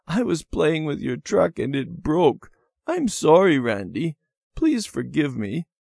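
A pleading little girl in a storybook, as a man reads her lines. Her voice sits high and childlike and swings up and down as she begs. The sound is close and dry. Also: sing-song, unhurried, darkish tone, dry recording.

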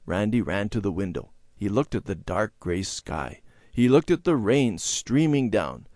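A man reading a children's Bible story aloud in a measured, clear storytelling manner. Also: fairly low pitch, lively intonation, darkish tone, no echo, clean studio sound.

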